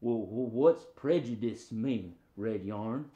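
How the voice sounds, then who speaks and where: A man voicing an excitable male dog who grumbles about outsiders in a low, drawling folksy voice and bursts into barking. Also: takes it slowly. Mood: grumbling.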